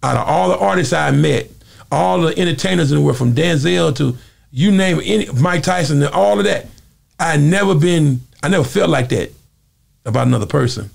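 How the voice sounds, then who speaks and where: Raspy gravelly guy telling stories, animated, slightly high. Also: brisk. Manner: animated, acts out voices. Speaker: interview guest. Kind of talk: casual storytelling.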